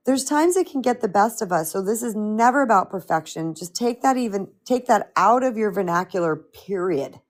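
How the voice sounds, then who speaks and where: A woman's voice: mid-range voice, normal speed. Chatty middle-aged woman with a crackly voice. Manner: animated and chatty, reads out viewer comments. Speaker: spiritual empowerment coach. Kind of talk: live-streamed coaching talk.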